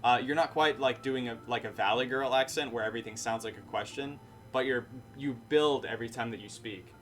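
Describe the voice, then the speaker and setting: A man's voice: medium pitch, a little fast, fairly bright tone. A male live streamer and bartender, chatting casually in a matter-of-fact way, his sentences ending on a downbeat. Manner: matter-of-fact, falling inflections; rambling, self-correcting. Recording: music playing behind.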